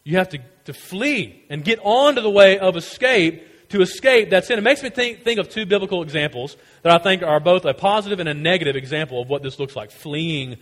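A man delivering a sermon with a fairly high voice, pressing his points with urgency and repeating key lines for emphasis. His voice carries a long reverb, as if spoken in a large hall. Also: animated, brisk, hardly any pauses, fairly bright tone. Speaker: pastor.

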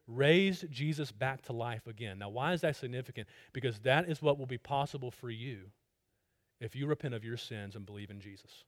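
A man preaching an evangelistic sermon, at times loud and urgent, at times soft and pleading. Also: medium pitch, animated, moderate pace.

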